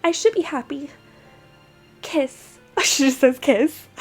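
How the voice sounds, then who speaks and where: A young woman reading an otome game aloud, reacting in an excitable, giggly way. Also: sits high, slow pace, soft background music.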